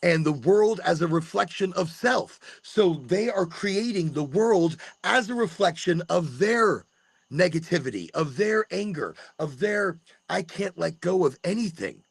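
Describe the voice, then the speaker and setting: A man talks casually into a dry, close mic outdoors at night, crickets and insects buzzing behind him. His voice is gravelly and husky, and his pitch swings widely as he rambles. He restarts his words, mixes jokey asides with earnest encouragement, and hosts like a late-night podcast. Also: animated, measured pace, dry recording. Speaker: podcast host. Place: outdoors on rural land at night.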